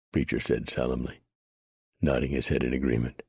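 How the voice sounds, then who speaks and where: A man reading a western novel aloud in a steady, measured narration. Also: very deep voice, gravelly, breathy edge, no room sound, clean studio sound. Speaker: audiobook narrator. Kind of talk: scripted narration.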